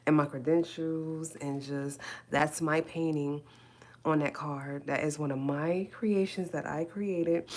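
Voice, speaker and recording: Low-voiced woman chatting emphatically. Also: darkish tone. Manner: repetitive, emphatic, emotional; drawn-out repeated phrases. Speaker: YouTuber and painter. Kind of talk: casual livestream chat.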